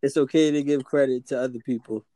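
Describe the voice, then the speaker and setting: A man's voice: medium pitch, steady tone, quick pace, dark tone, dry recording. A man co-hosting a casual podcast chat, making earnest points and acting out quoted people as he talks. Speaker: podcast co-host.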